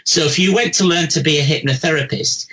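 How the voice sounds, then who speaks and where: Brief: man, fairly high bright voice, blunt and chatty psychic on call-in radio. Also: fast talker, low-quality recording. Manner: blunt, chatty, animated, says "bugger off", "bloody", "love", "posh". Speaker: psychic giving caller readings. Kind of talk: live call-in radio chat.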